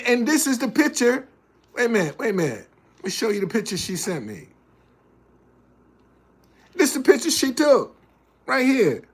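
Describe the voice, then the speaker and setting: A man's voice: very high voice, fairly bright tone, breathy edge. A man giving a motivational talk indoors in a preachy way, repeating his key lines for emphasis. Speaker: motivational speaker. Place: indoors, a hot room.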